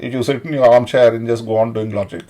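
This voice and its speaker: A man in a sardonic, halting monologue, full of fillers and mocking asides. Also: mid-range voice, steady tone, dark tone. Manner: sardonic, mocking, mimics others in Hindi. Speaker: commentator. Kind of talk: casual monologue.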